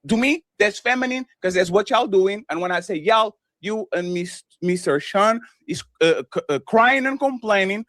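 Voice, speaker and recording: A man's voice: high voice, expressive, normal speed, few pauses, fairly bright tone, no room sound. A man on a talk show panel, arguing in an accusatory tone and stumbling over his words. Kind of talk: heated debate.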